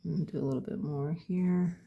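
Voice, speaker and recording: A painting instructor narrating a tutorial in an unhurried way, thinking aloud step by step as they work. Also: mid-range voice, fairly even intonation, creaky, muffled recording.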